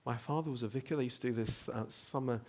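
A man's voice: medium pitch, fast talker. A man preaching a sermon, earnest, building to emphatic rhetorical questions.

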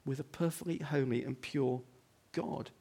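A man preaching a sermon as the pastor of his church, talking conversationally with rhetorical questions and "okay?" asides, dropping to hushed lines and rising to loud emphatic ones. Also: steady tone, moderate pace, creaky, husky. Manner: swings between hushed low moments and loud emphatic stretches. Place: church building.

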